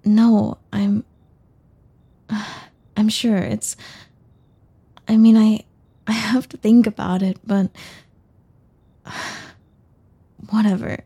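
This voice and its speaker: A woman's voice: mid-range voice, level tone, extremely slow, pauses often, mellow, husky, full character voice. A young woman voicing a shy, nervous young woman in an audio role-play, talking hesitantly and stumbling over her words with many restarts.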